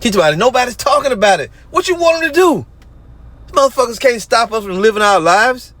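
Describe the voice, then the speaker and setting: A man's voice: very high-pitched, big pitch swings, fast talker, a bit bright, dry recording. A man, ranting in a casual monologue and reading scripture aloud between mocking remarks. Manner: rants and mocks, reads verses aloud. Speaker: religious group commentator.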